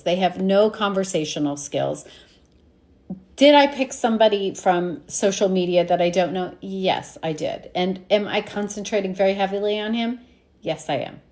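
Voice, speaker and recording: Lively, chatty woman venting. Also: medium pitch. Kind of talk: confessional vlog chat.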